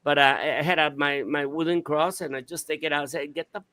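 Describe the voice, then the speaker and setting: A man hosting a radio talk show, telling a story in an animated, casual way, swearing and imitating sounds. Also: fairly high pitch, fast.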